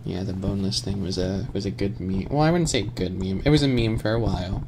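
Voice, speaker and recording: A man's voice: low-pitched, brisk. Rambling, jokey male streamer. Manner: rambling, jokey, laughs often. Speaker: ASMR streamer. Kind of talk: casual live-stream chat. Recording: noticeable background noise.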